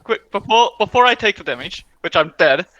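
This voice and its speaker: A man's voice: sits high, lively intonation, brisk, sharp tone, dull audio. A man playing a tabletop game, joking about his character's doom. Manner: joking, self-mocking. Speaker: player. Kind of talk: casual game banter.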